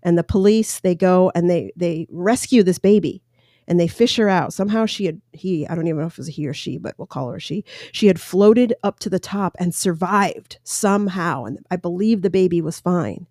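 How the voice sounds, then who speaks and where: A woman's voice: on the low side, brisk, dark tone, dry recording, clean studio sound. A woman hosting a solo podcast, telling a news story and giving her opinions in a rambling, self-correcting way. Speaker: podcast host. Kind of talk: casual solo podcast commentary.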